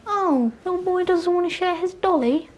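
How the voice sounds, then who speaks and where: A woman's voice: very high-pitched, moderate pace. An actress playing a woman who mockingly teases a young boy in a film scene. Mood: teasing. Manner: teasing, mocking. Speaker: film character.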